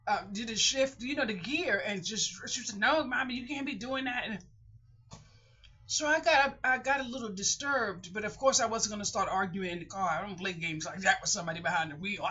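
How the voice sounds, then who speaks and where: Older woman vlogger, bright, forceful and emotional, talks in repeating rambles. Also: medium pitch, fairly quick, slight background noise. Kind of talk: casual talking-to-camera vlog. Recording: muffled lo-fi home recording.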